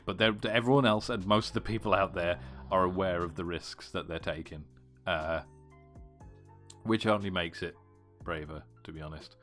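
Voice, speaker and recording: A man from the UK co-hosting a podcast in casual chat, with a dry manner, his sentences trailing off quietly. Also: sits low. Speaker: podcast co-host.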